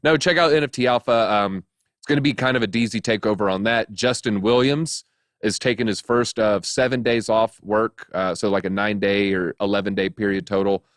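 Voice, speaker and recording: A man hosts a crypto news show in a casual, chatty way, joking and rambling with plenty of fillers. His voice is fairly low and fairly bright, his pace a little fast, and the studio recording is dry and clean.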